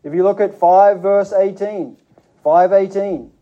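A man preaching a sermon to his church, speaking in an earnest, measured teaching manner with frequent restarts. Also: high voice, steady tone, highs cut off.

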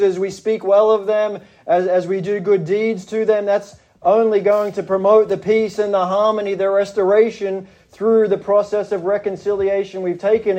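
A pastor with an Australian accent, delivering a sermon in a measured, deliberate way and stressing his points. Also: high voice, mellow.

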